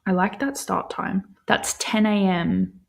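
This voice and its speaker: A woman's voice: mid-range voice, very animated, takes it slowly, vocal fry. A young woman hosting a livestream from home, chatting casually with viewers in a rambling way with lots of fillers. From Australia. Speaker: livestream host.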